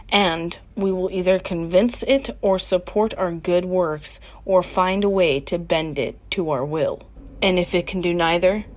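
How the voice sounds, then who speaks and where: A woman playing a cold, scheming leader in a fan audio drama, speaking in measured, menacing tones. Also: on the low side, natural voice. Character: cold scheming woman leader plotting against a living island.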